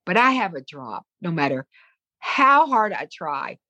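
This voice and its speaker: A woman's voice: on the low side, sing-song, a little slow, bright, forceful tone, no room sound, dull audio. An older woman with a Southern US accent, a voice-over actress telling rambling stories full of asides in a casual interview. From American South. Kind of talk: casual anecdotal interview talk.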